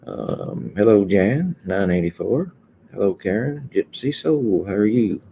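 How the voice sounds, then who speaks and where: A livestream host chats casually with his viewers from indoors, saying hello to them one by one. He speaks fairly low and a little slowly, in a mellow, creaky, sing-song voice, with a bit of noise behind him.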